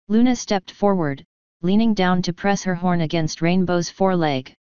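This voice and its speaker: A woman reading fan fiction aloud in a measured, even storybook narration. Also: lowish voice, smooth, no echo. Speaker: fanfiction reader. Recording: dull lo-fi dry recording.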